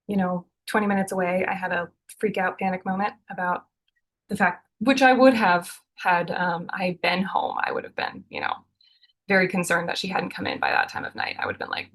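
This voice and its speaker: A young woman talks through a personal memory on a podcast, earnest and easygoing, filling pauses with "um" and "like". Her voice sits at a middling pitch for a woman, and she now and then breaks into a light laugh. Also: fairly bright tone. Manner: earnest, chatty, frequent fillers and laughs. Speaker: podcast co-host. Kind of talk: casual conversational storytelling.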